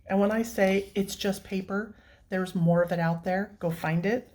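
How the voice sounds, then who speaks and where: A woman hosts her coloring channel in a casual, heartfelt chat. She gushes and laughs often and sounds teary and emotional. Her voice sits at an ordinary middle pitch. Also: fairly even intonation, normal speed, darkish tone.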